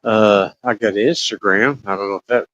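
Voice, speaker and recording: A man's voice: on the low side, normal speed, a bit bright. A man joining a casual chat, cracking crude jokes and calling the others bro and buddy. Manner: joking, calls people bro and buddy. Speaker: guest. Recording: dry, dull lo-fi sound.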